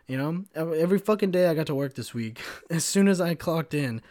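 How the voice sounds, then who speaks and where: A man's voice: a little high, expressive, brisk, few pauses, a little mellow. Rambling, cussing young guy podcasting. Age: 20s. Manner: loose and rambling, swears a lot, laughs at his own jokes. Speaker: podcast host. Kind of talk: casual solo podcast rant.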